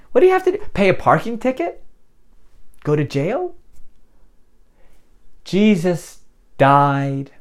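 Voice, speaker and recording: A man's voice: a little high, darkish tone. A male pastor preaching a sermon in a conversational, dramatic storytelling way, often restarting his phrases.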